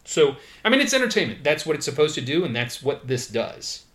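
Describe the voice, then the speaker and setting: Relaxed man chatting about a film. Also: on the high side, fairly quick. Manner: relaxed, uses many fillers, acts out quotes. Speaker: podcast co-host. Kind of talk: casual film review chat.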